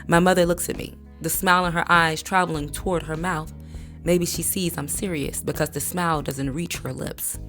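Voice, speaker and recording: A woman with a notably low voice reads a memoir aloud at a measured, even pace. Her delivery is a calm audiobook narration. Faint music sits quietly beneath her. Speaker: book reader.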